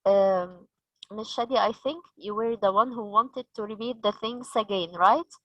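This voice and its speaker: A woman with an Egyptian accent leading a teacher training session, slow and patient, asking the group questions. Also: mid-range voice, dry recording, muffled recording.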